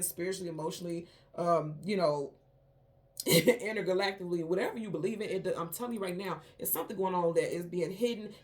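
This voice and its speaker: A woman hosting her own tarot channel, recounting a dream and airing suspicions in an animated, emphatic and indignant casual monologue. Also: on the low side. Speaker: tarot reader, channel host.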